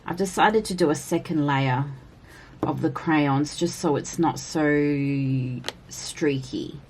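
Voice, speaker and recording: A woman chatting casually as she colors for a vlog, rambling with frequent "like" and breaking into a high baby voice for her cats. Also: slow, darkish tone, breathy edge. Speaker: coloring vlogger. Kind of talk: casual color-and-chat commentary.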